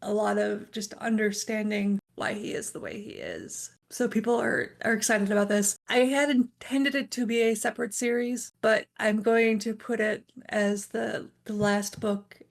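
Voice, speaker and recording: A woman author, a guest on a podcast, talking relaxed and at length in casual chat. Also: medium pitch, moderate pace, creaky, hardly any pauses.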